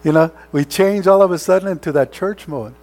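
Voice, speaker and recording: A man with a high-pitched, slightly mellow voice preaches briskly as a pastor. His sermon is earnest, exhorting and conversational, often checking in with rhetorical questions.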